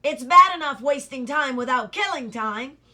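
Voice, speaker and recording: A woman doing a gruff, scolding clockwork watchdog. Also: high-pitched, lively intonation, normal speed, background noise, voice pushed up. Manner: growling, scolding. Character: gruff, impatient male watchdog with a ticking clock body.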